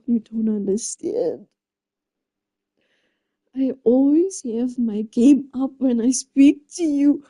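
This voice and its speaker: High-voiced girl streaming, flustered and exclaiming, slow and mellow. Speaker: live streamer. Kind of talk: casual chat.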